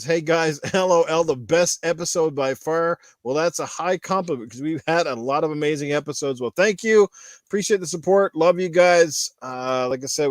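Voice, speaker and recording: Host, a man: a fairly high voice, upbeat and chatty, with dry, close sound. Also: no room sound. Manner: upbeat, reads viewer messages aloud. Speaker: podcast host. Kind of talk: casual chat.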